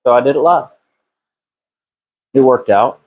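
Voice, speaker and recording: The sound is phone-quality as a man with a medium-pitched voice, speaking a little slowly, streams a transmission job from his garage. He chats with his audience in a relaxed drawl, swearing casually and addressing viewers by name.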